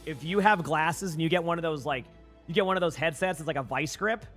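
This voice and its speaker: Young man, Boston accent, streamer, casual rambling chat, fairly high voice, faint background music. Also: a little fast, fairly bright tone. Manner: casual, rambling, chatting with viewers. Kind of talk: live-stream gameplay commentary. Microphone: headset.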